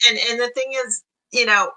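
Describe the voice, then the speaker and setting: A woman's voice: a little high, steady tone, brisk, sharp tone, poor audio. A woman guest on a podcast, a dog owner who speaks earnestly and thoughtfully. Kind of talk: casual podcast chat.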